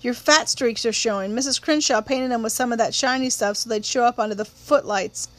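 Woman voicing storybook big brother, calm, protective, unhurried, flat, fairly high voice. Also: dry recording, close to an everyday voice. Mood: quiet. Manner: low-key and unhurried.

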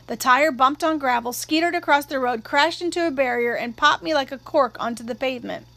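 A woman reads a first-person novel aloud, measured and expressive. Her voice sits high. The telling is even and steady, shaping each sentence with care. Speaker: audiobook narrator.

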